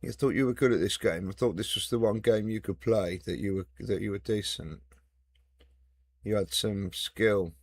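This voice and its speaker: Man, deep-ish, gravelly, casual gaming chat, teasing. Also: moderate pace, dry recording. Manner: joking banter with mild swearing. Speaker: gamer. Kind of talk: casual chat while playing a game.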